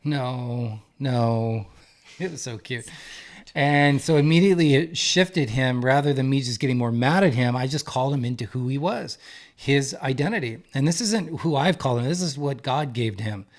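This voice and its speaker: This man, in his thirties, works as a marriage coach and co-hosts a podcast. He delivers an earnest, forceful talk rooted in faith, driving points home through repetition. His voice is mid-range at a normal speed.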